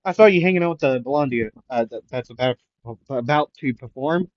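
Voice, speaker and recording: A man's voice: medium pitch, a little fast, lo-fi sound, close to an everyday voice. A man voicing a cocky young male hero who teases others in a casual way. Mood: teasing. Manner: teasing, casual.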